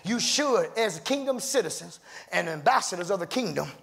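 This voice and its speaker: A man preaching a sermon as pastor, rising into shouted, half-sung cadences and calling out to people in the congregation. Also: high-pitched, expressive, normal speed, creaky. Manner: calls out to congregation members by name.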